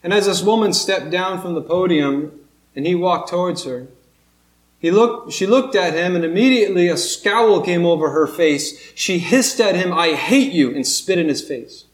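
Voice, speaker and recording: Male preacher, earnest and emphatic, slow pauses, somewhat higher voice, roomy sanctuary sound. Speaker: pastor. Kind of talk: sermon. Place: church sanctuary. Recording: echoey church room.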